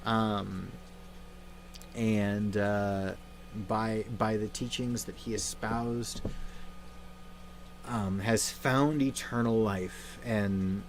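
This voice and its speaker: A young man hosting a livestream, talking in a halting, subdued way with many fillers and restarts, grieving and somber. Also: on the low side, steady tone, slight background noise. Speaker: livestream host. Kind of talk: casual livestream chat.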